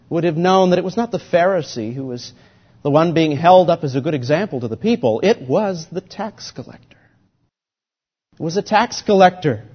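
A man preaching a sermon in a deliberate, emphatic way, his volume swelling and dropping. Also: high voice, slightly rough, dull audio.

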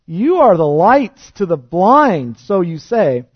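A defiant, formerly blind man who mocks the leaders questioning him, as a preacher puts him on. The voice sits fairly high and is emphatic and pointed. It is a dull, dry recording. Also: sing-song, takes it slowly, husky, no echo, heavily acted.

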